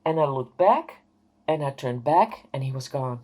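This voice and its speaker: Low-voiced woman in her fifties. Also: animated, moderate pace, warm tone, breathy edge. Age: 50s. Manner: hesitant, rambling with many fillers. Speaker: vlogger. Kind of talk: personal storytelling to camera.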